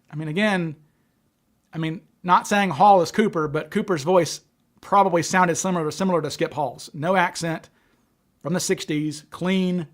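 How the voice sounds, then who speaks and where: Stammering man hosting a livestream. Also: fairly high pitch. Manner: stutters, with frequent repeated words and restarts. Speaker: livestream host. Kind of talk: casual livestream chat.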